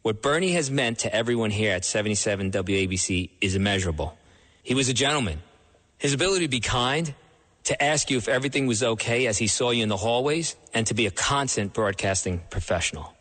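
A man reading a scripted station tribute in a measured, solemn way. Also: mid-range voice, lively intonation, fairly bright tone, in a large hall. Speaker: station announcer.

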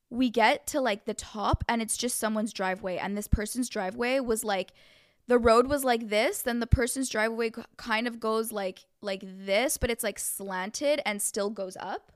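Young woman, podcast co-host, animated storyteller, higher voice, dry close sound. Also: moderate pace, no room sound. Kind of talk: casual chat.

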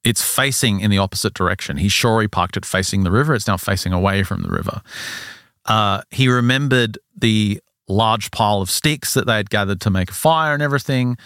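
A man hosting a podcast, telling a story in a casual, animated way and acting out the characters' lines. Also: on the low side, brisk, smooth, no echo, clean studio sound.

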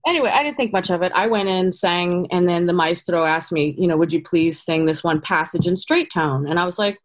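A woman's voice: on the low side, a little fast. A middle-aged woman, a casting director, chatting in an interview and acting out quoted lines as she tells stories. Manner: animated storyteller, acts out quotes. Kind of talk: casual interview chat.

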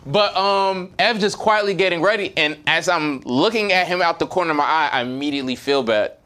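A young man casually telling a story on a podcast, getting loud and heated as he acts out an argument. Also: fairly high pitch, fairly quick. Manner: animated storyteller, gets loud and heated when retelling the fight.

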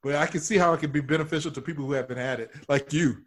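A man playing an eager office coworker in an improv comedy sketch, talking in an excitable, gushing way. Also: a little high, very fast. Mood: laid-back. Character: eager male office coworker obsessed with a show.

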